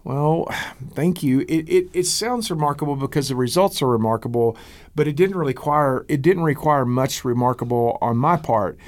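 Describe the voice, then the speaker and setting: A middle-aged American man, a pastor, telling a story in an interview in an earnest, halting way, with fillers and repeated words. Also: on the high side. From United States.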